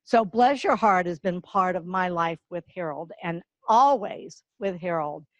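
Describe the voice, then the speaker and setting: A woman's voice: fairly low pitch, animated, no room sound, low-quality recording. An older woman from the North Carolina-Virginia border, giving a folksy, heartfelt award tribute. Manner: folksy storyteller, slow and emotional. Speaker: award presenter.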